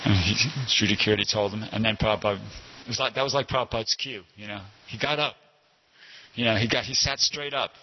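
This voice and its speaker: Speaking a little fast in a fairly low voice, an older man shares a meandering personal story at a temple class. He wanders off topic and frequently corrects himself in this casual anecdote, captured on a dull lo-fi recording.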